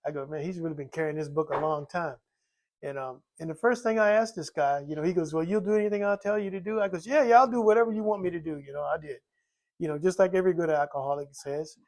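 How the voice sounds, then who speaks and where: Telling the story of his recovery, an older man speaks quickly in a slightly high, somewhat mellow voice. It's a candid, rambling testimony packed with "you know" fillers, and he performs the voices whenever he quotes someone.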